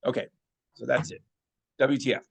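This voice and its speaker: A man's voice: medium pitch, little pitch movement, moderate pace, vocal fry, slightly rough. A man hosting a sports podcast in a playful, teasing way, often mock-outraged. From Las Vegas. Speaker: podcast host. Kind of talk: casual sports podcast chat.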